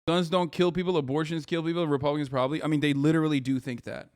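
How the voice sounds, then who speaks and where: A man in his thirties rants about politics to a live audience, sarcastic and profane, with frequent swearing. His voice sits high for a man. The sound is dry and close to the mic, with no room reverb. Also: fairly even intonation, fast talker, clear, resonant tone. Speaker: streamer reacting to news clips. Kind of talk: ranting political commentary.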